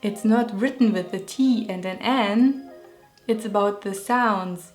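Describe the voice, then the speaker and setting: A young German woman, an illustrator and vlogger, chats over a speed painting video in a German accent, joking at her own expense and laughing often. Her medium-pitched, darkish voice is fairly even and measured, with a bit of music in the back.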